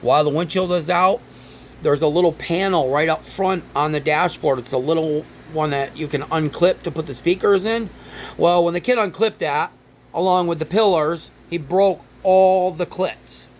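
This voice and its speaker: A man's voice: on the high side, normal speed, a little hiss or hum. A man hosting his own car vlog, rambling and ranting casually with frequent swearing. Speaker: car vlogger.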